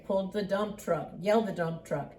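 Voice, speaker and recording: An older woman, a grandmother, reading a picture book aloud in a slow, sing-song way and voicing the animal sounds. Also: mid-range voice, darkish tone, a little hiss or hum.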